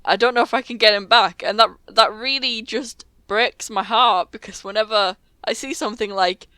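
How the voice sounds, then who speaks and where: A woman's voice: on the high side, steady tone, moderate pace, bright, forceful tone, smooth, no echo. A woman co-hosting a podcast, chatting casually with a hesitant manner that often trails off. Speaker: podcast co-host. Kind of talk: casual chat.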